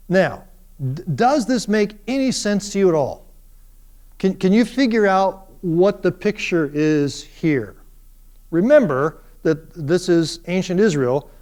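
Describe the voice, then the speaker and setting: A middle-aged man lecturing a university class on the Bible, telling stories and acting out the quotes in different voices. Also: on the high side. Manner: animated storyteller, acts out quotes in voices.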